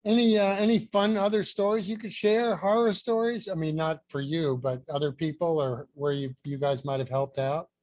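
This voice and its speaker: A man's voice: fairly high pitch, normal speed, few pauses, no room sound. A man hosting a group video call, casually asking questions and steering who talks next. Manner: casual, short affirmations, relaxed prompting. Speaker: host.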